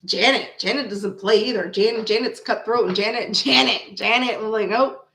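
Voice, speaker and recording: Animated blunt woman in her forties. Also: on the high side, moderate pace, gravelly, poor audio. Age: 40s. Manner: animated, blunt, swears freely, laughs often. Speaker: tarot reader host. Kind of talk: casual livestream chat with viewers.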